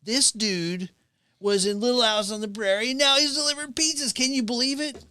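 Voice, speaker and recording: Man doing a gushing gossipy woman, shrill and high, dry close sound. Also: fairly even intonation, brisk, sharp tone, clear, resonant tone, no echo. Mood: excited.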